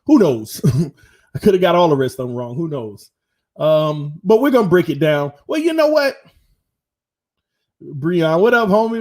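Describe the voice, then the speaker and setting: A man hosting his own sports channel, chatting casually and slangily to viewers on a live stream. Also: sits high. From Florida. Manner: animated, talks straight to viewers, slangy.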